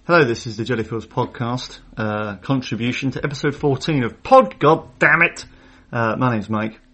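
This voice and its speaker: A man hosting a guest podcast segment, talking in a deadpan, mock-stern way. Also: mid-range voice, moderate pace. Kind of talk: casual chat.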